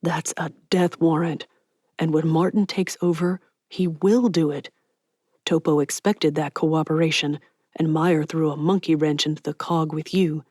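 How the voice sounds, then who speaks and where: A woman's voice: low voice, fairly even intonation, a little slow, mellow, dry recording, studio quality. A woman reading an audiobook, voicing a streetwise 1920s gangster who talks bluntly in clipped slang. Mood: wary. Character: streetwise 1920s gangster man, gruff but protective. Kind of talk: audiobook character voice.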